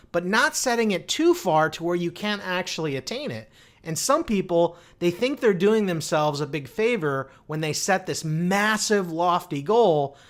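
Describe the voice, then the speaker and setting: A man giving motivational business advice straight to camera, upbeat and full of rhetorical questions, with fillers and restarts. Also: sits high. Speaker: online marketing coach.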